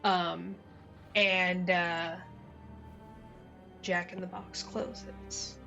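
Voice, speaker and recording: A woman narrating as dungeon master in a casual, halting way with many fillers. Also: lowish voice, flat delivery, gravelly, bright, forceful tone, lo-fi sound, faint music behind. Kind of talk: narrating a tabletop game.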